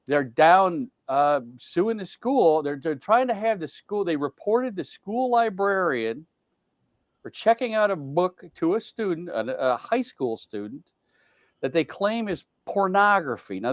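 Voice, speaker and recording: A man's voice: fairly high pitch, no echo. Blunt, profane man ranting. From outside the South. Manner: blunt, profane, rambling with restarts. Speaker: co-host. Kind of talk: casual political chat.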